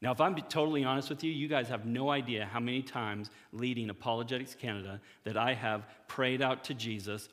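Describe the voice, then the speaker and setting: A male pastor giving a conversational sermon to his church, often acting out quick imagined dialogues. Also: mid-range voice, fairly bright tone, in a large hall.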